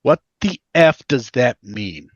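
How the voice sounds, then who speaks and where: A man's voice: medium pitch, animated, takes it slowly, slightly rough, no echo, dull audio. A man co-hosting a podcast, talking casually with emphatic, indignant repetition of his points. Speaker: podcast co-host.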